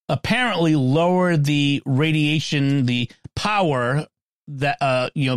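A man's voice: fairly high pitch, dry recording, studio quality. A man co-hosting a tech podcast in casual chat, talking at length with restarts and fillers. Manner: chatty, frequent restarts and fillers. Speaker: podcast co-host.

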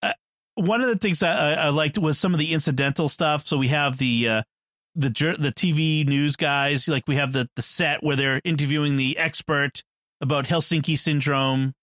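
A man with a voice sitting a little high for his sex talks through a film in a casual, chatty way. He laughs often and restarts sentences mid-thought. The sound is dry and close, with no room around it. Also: normal speed, fairly bright tone, no echo. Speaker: podcast co-host. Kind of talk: casual movie discussion.

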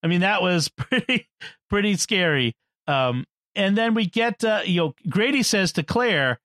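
A man's voice: high-pitched, animated, measured pace, fairly bright tone, no room sound, clean studio sound. A man in a casual film discussion, retelling the plot, acting out the characters' lines and laughing often. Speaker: podcast co-host.

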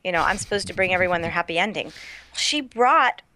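A woman's voice: fairly low pitch, lively intonation, a little fast, sharp tone. A woman in her thirties chatting casually, animatedly retelling a TV episode and acting out the characters' lines. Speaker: podcast co-host. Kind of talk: casual chat recapping a TV episode.

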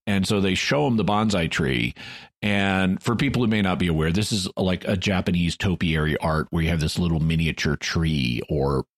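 A man with a fairly low voice co-hosting a casual podcast, retelling episode scenes at length. He often restarts his sentences and slips into quoted lines. The sound is close and dry. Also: normal speed, no room sound. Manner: storytelling with frequent restarts and acted-out quotes. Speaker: podcast co-host. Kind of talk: casual chat, recapping an episode.

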